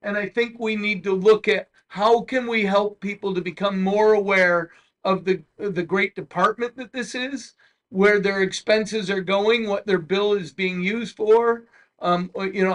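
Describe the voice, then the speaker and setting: A middle-aged man with a fairly high voice holds the floor at a civic meeting. He rambles and circles back with many restarts and folksy asides, as a mayor talking things through. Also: fairly bright tone. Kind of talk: public meeting remarks.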